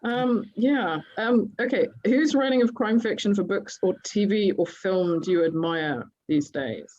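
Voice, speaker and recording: A woman's voice: mid-range voice, unhurried, darkish tone, muffled recording. A woman moderating an online festival conversation in a light, joking way. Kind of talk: hosting an online festival chat.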